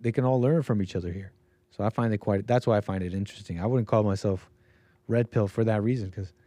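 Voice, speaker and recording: A man's voice: lowish voice, dry recording. Man hosting a chatty reaction stream. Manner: chatty, animated, pauses to react to clips. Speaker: livestream host reacting to a debate. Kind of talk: casual reaction commentary.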